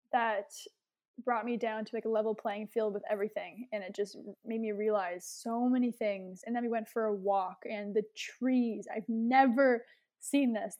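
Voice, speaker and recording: Chatty young woman with a higher voice. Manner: animated storyteller, many fillers and likes. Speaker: guest. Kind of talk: casual interview chat.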